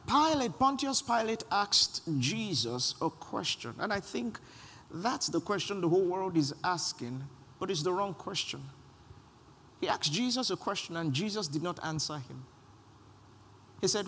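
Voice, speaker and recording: A man's voice: high-pitched, lively intonation, moderate pace, a bit bright, in a large hall, a little hiss or hum. A man preaching a sermon as pastor, calling on the congregation to repeat lines after him and repeating his points for emphasis. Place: church sanctuary.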